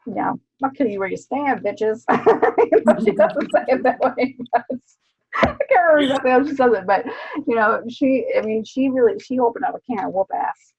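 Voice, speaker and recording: A woman co-hosting a casual book club chat, retelling scenes in an animated way with laughs and swearing. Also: high voice, moderate pace, vocal fry, breathy edge. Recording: dull lo-fi sound.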